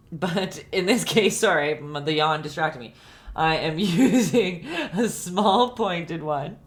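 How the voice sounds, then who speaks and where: A young woman with a low voice leads a casual live-streamed painting lesson. She chats easily with her viewers, calls them by name and laughs a lot between steps. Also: animated, slow. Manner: chatty, laughs often, talks to viewers by name. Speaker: painting instructor. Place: home painting setup.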